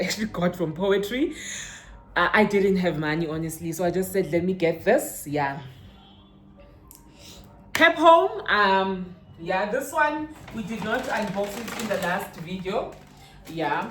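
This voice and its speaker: A young South African woman with a Zulu-inflected accent, a vlogger chatting through a shopping haul and mixing in Zulu words, her pitch jumping up when she gets excited. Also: normal speed, a little hiss or hum. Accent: South African, Zulu-inflected English. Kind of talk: casual haul unboxing chat. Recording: roomy echo with faint ambience.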